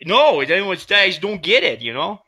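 A man with a raised, bright, forceful voice that swings widely in pitch as he trades profane jokes with a friend. He laughs often and keeps the banter rowdy and crude. It sounds like a loose streaming session between two buddies. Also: big pitch swings, moderate pace.

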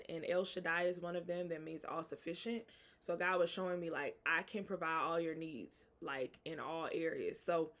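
Bright-voiced Southern US woman telling her story. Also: on the low side. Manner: animated, acts out dialogue, addresses listeners as y'all. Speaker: podcast host. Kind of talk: personal faith testimony, casual storytelling.

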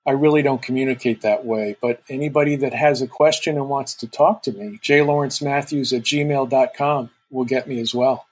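A man being interviewed as an author, answering in a relaxed, friendly way. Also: mid-range voice, normal speed, hardly any pauses, husky. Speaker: author guest.

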